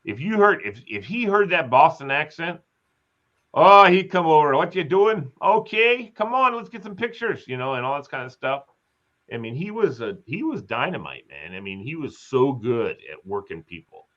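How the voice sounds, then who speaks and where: A man's voice: mid-range voice, very animated, normal speed, pushed and bright. A man hosting a casual live chat, telling rambling stories and acting out quotes. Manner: rambling storyteller, chatty, acts out quotes. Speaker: host. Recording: slightly dull lo-fi sound.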